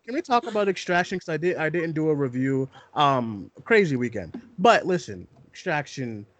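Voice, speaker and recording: A man's voice: fairly high pitch, big pitch swings, moderate pace, fairly bright tone, no room sound. Ranting man with a raised voice. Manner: emphatic, ranting, repeats "listen". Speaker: podcast co-host. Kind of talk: casual movie chat.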